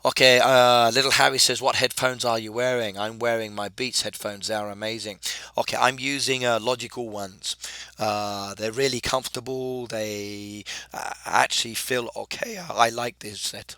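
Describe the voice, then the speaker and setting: A man's voice: mid-range voice, fairly even intonation, moderate pace, bright, forceful tone, smooth, dry recording. A man streaming a farming game live, chatting casually and answering viewer comments, with a cold. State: has a cold.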